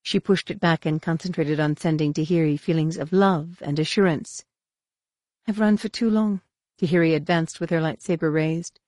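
Woman audiobook narrator with a low-set voice, measured and expressive, on a dry, close mic. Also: no echo. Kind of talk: scripted narration.

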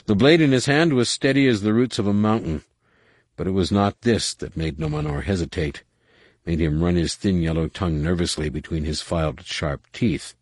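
A man reading an audiobook in a measured, dramatic narration. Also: sits low, no echo, clean studio sound. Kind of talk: scripted narration.

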